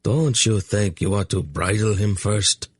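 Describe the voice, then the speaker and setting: A man voicing a gruff, husky warrior. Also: lowish voice, a little slow, dry recording. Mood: warning. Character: stern hawk-faced male warrior, horse trainer. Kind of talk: audiobook narration.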